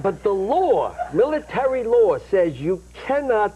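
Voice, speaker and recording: A man's voice: sits high, big pitch swings, takes it slowly, noisy background. An older man with a Bronx accent, a talk show guest telling rambling, jokey anecdotes. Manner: rambling, jokey, self-interrupting.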